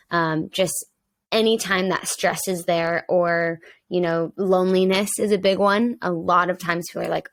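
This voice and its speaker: Candid young woman, low voice. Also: steady tone, a little slow, dry recording. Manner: open and personal, with many fillers like "um" and "like". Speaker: podcast guest and mentor to young women. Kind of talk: candid conversational podcast talk.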